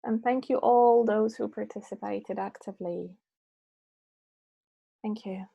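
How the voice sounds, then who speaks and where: A medium-pitched, steady voice, a little slow, gravelly, mellow and slightly rough, comes through with lo-fi sound. It belongs to a female English teacher answering chat questions after an online lesson via a meeting microphone. She's patient and checks that answers land by asking "yeah?" and "okay?".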